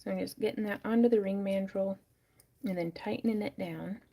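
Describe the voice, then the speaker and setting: A woman's voice: mid-range voice, fairly even intonation, brisk, dark tone. Casual chatty woman hosting a craft live sale at home, whispery baby talk w pets. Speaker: livestream host selling crafts. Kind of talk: casual livestream chat. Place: home craft room, indoors.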